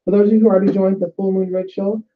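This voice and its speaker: A woman's voice: medium pitch, flat delivery, rapid-fire. A woman vlogging casually about spiritual practice, chatty and profane, calling her viewers y'all. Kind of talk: casual spiritual advice and storytelling. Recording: tinny phone-like sound.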